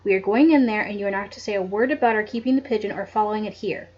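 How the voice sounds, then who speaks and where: A woman's voice: mid-range voice, rapid-fire, darkish tone, close to an everyday voice. Casting: a snappy, determined girl sleuth who barks orders, read by a woman. Lo-fi home audio. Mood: commanding. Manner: crisp and commanding. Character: brisk, determined young woman detective. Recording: dull lo-fi home recording.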